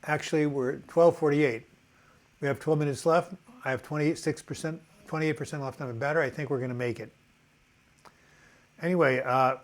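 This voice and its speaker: A man's voice: fairly high pitch, normal speed. An older man hosting a casual live video chat, reading out viewer comments in a loose, rambling way with many fillers.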